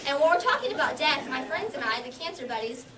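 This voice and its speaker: A young woman giving a humorous contest speech, telling stories in an animated way and laughing often. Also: high voice, fast, crowd noise. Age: young adult. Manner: animated storytelling with bursts of laughter. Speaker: contest speaker. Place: hall with audience. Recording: echoey hall from far off, noisy.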